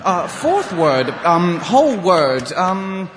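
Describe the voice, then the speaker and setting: A man's voice: high-pitched, very animated, takes it slowly, big-room sound, crowd noise, exaggerated voice. An actor playing an earnest young watchman who stammers and guesses aloud. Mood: eager.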